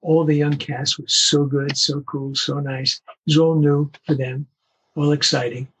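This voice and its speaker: Breathy older man telling stories. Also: fairly high pitch, unhurried, rough recording. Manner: animated anecdotes, acts out quoted voices. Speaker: voice actor guest. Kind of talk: storytelling interview.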